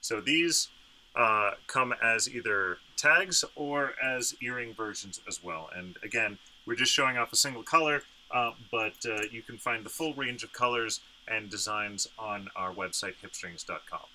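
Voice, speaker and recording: A man's voice: fairly low pitch, normal speed, pushed and bright, slight background noise, low-quality recording. A man co-presenting his yarn business, throwing in joking asides with lots of uhs. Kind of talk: casual product presentation. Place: home studio, indoors.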